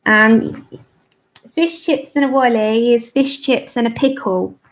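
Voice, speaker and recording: An English woman with a raised pitch and a gravelly edge chats casually to her viewers, explaining as she goes. The sound is dull and lo-fi, like a home livestream picked up on a basic mic. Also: slow. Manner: chatty, explains as she works. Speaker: livestream host. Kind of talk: casual chat while colouring.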